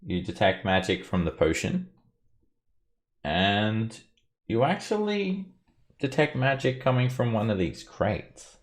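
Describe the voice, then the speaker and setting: A man narrating a tabletop game as dungeon master, telling the scene in a relaxed, lively way. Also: fairly low pitch, takes it slowly, long pauses. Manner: relaxed, lively storytelling with fillers.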